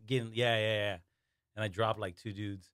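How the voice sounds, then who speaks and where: A man's voice: on the low side, flat delivery, moderate pace, fairly bright tone, smooth, no room sound, studio quality. A man as a podcast guest, telling laid-back, profane stories in casual chat.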